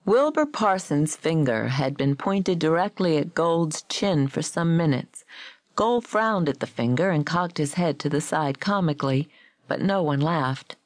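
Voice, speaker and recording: A woman reads a short story aloud in a measured, clear manner. Her voice sits somewhat low, and the studio recording is close and dry. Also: expressive, no room sound. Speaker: audiobook narrator. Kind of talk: scripted narration.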